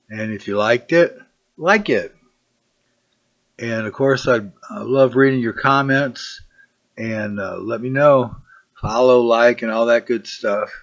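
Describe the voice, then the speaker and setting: A man's voice: medium pitch, highs cut off. A man hosting a comics video, retelling a comic's story in a rambling, laid-back way full of fillers. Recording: steady background noise.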